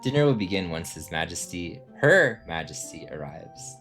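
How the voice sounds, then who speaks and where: A man's voice: sits low, sing-song, moderate pace, a bit bright, soft background music. A man voicing a formal male herald announcing guests at a castle in a game, stiff and declamatory.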